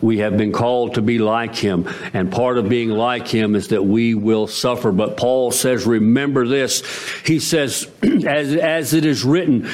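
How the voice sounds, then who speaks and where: A man's voice: medium pitch, unhurried. A man preaching a sermon as pastor, with swooping emphasis that rises to emphatic peaks.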